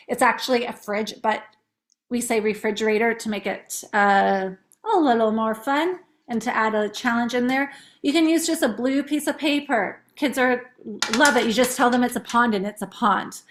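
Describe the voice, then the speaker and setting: A woman teacher chatting casually and upbeat, explaining how she teaches young kids to count syllables. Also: on the high side. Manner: chatty, upbeat, demonstrates words slowly in syllables.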